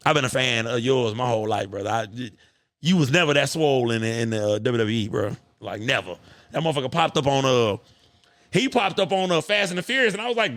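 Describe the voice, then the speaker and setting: A man hosting a podcast, telling stories in an animated, profane way. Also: medium pitch, fast talker, dry recording. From United States. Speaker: podcast host. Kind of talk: casual podcast chat.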